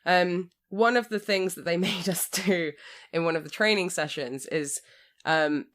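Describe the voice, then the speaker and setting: A woman chats on a podcast with a notably low voice. She tells stories in an animated way, laughing often. Casual and conversational. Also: measured pace. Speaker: occasional co-host.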